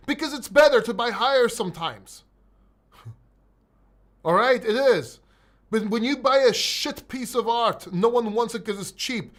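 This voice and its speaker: A man's voice: very high voice, normal speed, a bit bright. A man with a mixed London and Greek accent hosting a live crypto Q&A. He answers chat questions bluntly and emphatically, swears, and often repeats himself or restarts. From born in London, raised in Greece. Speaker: crypto livestream host.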